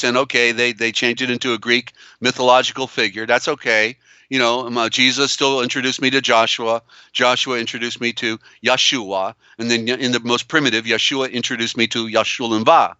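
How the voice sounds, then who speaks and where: A man hosts a live broadcast with insistent, circling emphasis. He stumbles through restarts and fillers. His voice sounds bright and crisp, close and dry on a slightly dull, lo-fi line. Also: medium pitch, no echo. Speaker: host. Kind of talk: live call-in show, reading viewer comments.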